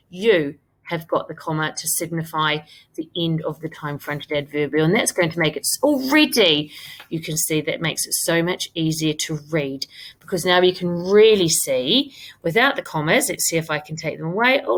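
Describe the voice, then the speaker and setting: Encouraging woman teacher, lowish voice. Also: fairly bright tone. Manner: encouraging, stresses key words and repeats them. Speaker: primary school teacher. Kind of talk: recorded remote lesson for children.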